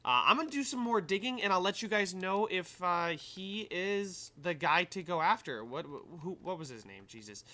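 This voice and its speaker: A man's voice: high-pitched, animated, moderate pace, hardly any pauses, pushed and bright. A young man giving casual game commentary, thinking aloud and rambling with many fillers as he plays. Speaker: gaming YouTuber.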